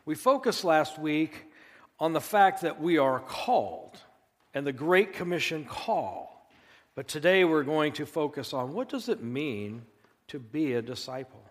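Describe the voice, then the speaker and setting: An earnest male pastor delivers a sermon, leaning hard on his key phrases. His voice sits a little high for a man. A long reverb trails each line, as in a large church hall. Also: lively intonation. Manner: earnest, emphatic preaching with slow stressed phrases.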